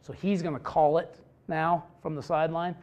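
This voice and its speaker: A man, a high school football head coach, giving a casual clinic presentation in a blunt, joking way with some swearing. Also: level tone, normal speed, darkish tone, dull audio. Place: presentation room with a live audience.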